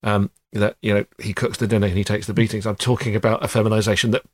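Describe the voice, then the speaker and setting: A middle-aged man, an actor and writer, talking about a film in a relaxed, wry podcast conversation. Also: fairly low pitch, fast talker, no echo. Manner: thoughtful, wry, quotes film lines.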